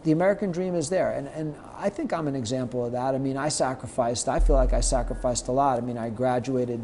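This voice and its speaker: Middle-aged man telling a lively story. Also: medium pitch, fast talker, slight background noise. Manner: lively anecdotes, acts out quoted lines. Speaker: guest, sports marketer. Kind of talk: storytelling in a podcast interview.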